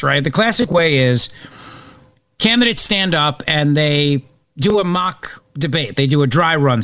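A man's voice: on the high side, fairly bright tone, no echo. A middle-aged man hosting a talk radio show, speaking off the cuff in a rambling way with restarts and asides, on a studio microphone. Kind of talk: unscripted political talk radio monologue.

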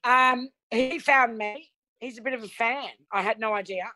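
A woman's voice: fairly high pitch, normal speed, bright, forceful tone, no echo. A woman comedian, a guest on a podcast, talking in a chatty, self-mocking way and laughing often. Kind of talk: casual chat.

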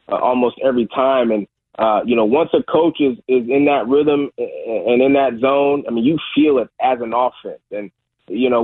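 A man phoning in to a sports radio show. His voice is husky and comes through a thin, tinny line that sounds dry. He talks emphatically and keeps checking in with "okay?". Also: mid-range voice, no echo. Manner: emphatic, keeps tagging "all right?" and "okay?". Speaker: former football player, guest analyst. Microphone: phone call.

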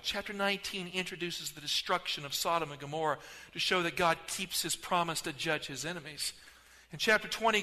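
Male preacher, high and piercing, dramatic hush-and-swell delivery, long church reverb. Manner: dramatic, swings between loud emphasis and near-whispers. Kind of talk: sermon. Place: church sanctuary.

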